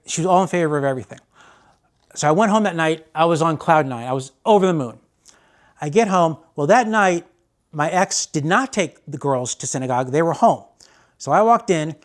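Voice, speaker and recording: A man's voice: on the high side, fairly quick. A man telling a candid personal story, rambling with restarts and acting out quoted voices.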